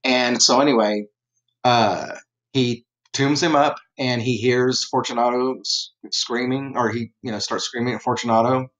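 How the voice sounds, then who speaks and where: In a mid-range, steady, fairly bright voice at a measured pace, a man teaches a literature lesson. He rambles conversationally, using many fillers as he retells a story, and the recording quality is low.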